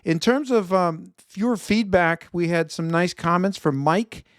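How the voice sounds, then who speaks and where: A man's voice: sits high, unhurried, clear, resonant tone, no echo, clean studio sound. A man from Chicago with a Chicago accent hosting an investment show, talking casually through market commentary and correcting himself as he goes. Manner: conversational, reads viewer feedback, self-correcting.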